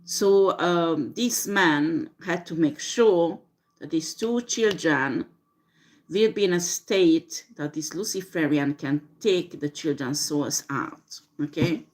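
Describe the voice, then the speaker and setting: Slow, low-voiced woman doing a tarot reading. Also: darkish tone. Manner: slow, hesitant, many fillers. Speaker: tarot reader. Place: home with a dishwasher running.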